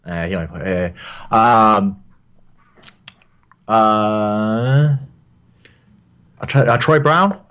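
A man's voice: very slow, long pauses. A man guest answering sports trivia questions in casual chat, hesitant, with many fillers. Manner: hesitant with many fillers, lively pitch swings.

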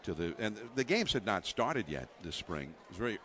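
A man calling baseball play-by-play as a guest in the booth, halting and full of restarts. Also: on the low side, big pitch swings, a bit bright, slight background noise. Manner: halting, many restarts and fillers. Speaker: guest broadcaster.

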